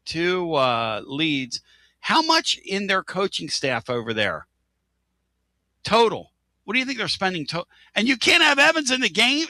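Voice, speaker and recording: An exasperated sports talk host rants in a high, bright, sharp voice that leaps up and down. He fires sarcastic asides at his listeners. The sound is close and dry, with no room around him. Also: no echo.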